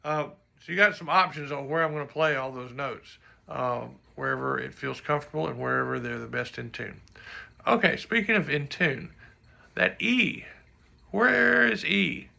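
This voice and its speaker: Gravelly-voiced man coaching trombone. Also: fairly high pitch, normal speed, pushed and bright. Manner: talks through his own playing, sings rhythms. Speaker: trombone teacher. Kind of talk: music clinic instruction.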